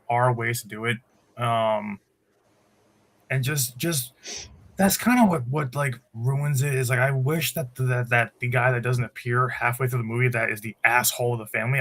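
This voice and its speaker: A man's voice: mid-range voice, pushed and bright. A man co-hosting a podcast, giving a rambling, opinionated take in casual movie review chat. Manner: rambling, opinionated, many restarts. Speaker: podcast co-host.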